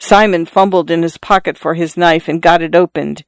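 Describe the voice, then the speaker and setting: A narrator reading a literary story in a measured, steady way. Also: mid-range voice, dry recording. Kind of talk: audiobook narration.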